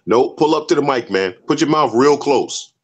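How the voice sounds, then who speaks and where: A man's voice: medium pitch, animated, normal speed, slightly rough. A man co-hosting a casual sports talk show, emphatic and slangy, repeating his points for effect. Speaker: podcast co-host.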